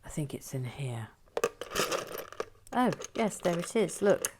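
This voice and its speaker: A woman's voice: deep voice, very animated, takes it slowly, heavy background noise. Chatty woman whispering as she builds. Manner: chatty, self-mocking, drops into soft whispers. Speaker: Lego building vlogger. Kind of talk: casual chat while building, reading viewer comments.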